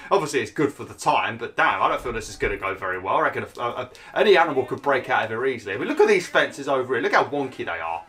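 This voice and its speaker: A man's voice: mid-range voice, pushed and bright. A man giving casual gameplay commentary, chatty and joking, laughing and exclaiming as he plays.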